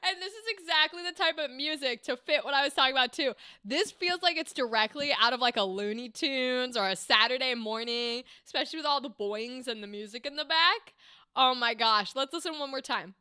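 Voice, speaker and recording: A woman's voice: high voice, a little fast, bright, forceful tone, smooth, dry recording, studio quality. A woman hosting a livestream, reviewing voice acting auditions with enthusiastic, gushing praise. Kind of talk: casual livestream commentary.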